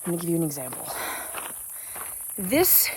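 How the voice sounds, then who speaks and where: A woman's voice: lowish voice, big pitch swings, moderate pace, gravelly. Earnest woman vlogging on a hike. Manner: earnest, uplifting, loose and rambling with fillers. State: slightly out of breath from hiking. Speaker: spiritual business coach. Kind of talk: unscripted motivational vlog on a walk. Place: outdoors on a hiking trail in nature. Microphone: phone without an external mic. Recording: faint outdoor noise, phone mic. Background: crickets and insects.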